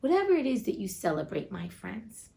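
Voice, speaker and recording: A woman's voice: mid-range voice, big pitch swings, fairly quick, gravelly, dark tone. Chatty, blunt woman hosting a casual book read-aloud with frank commentary. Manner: chatty, blunt, swears in asides. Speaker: host reading classic books aloud.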